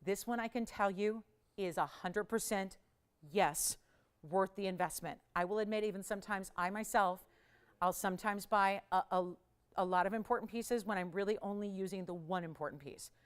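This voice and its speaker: A woman's voice: mid-range voice, moderate pace, clear, resonant tone. Enthusiastic woman jewelry shopping host. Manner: enthusiastic, emphatic selling with repeated phrases. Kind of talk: live TV shopping pitch.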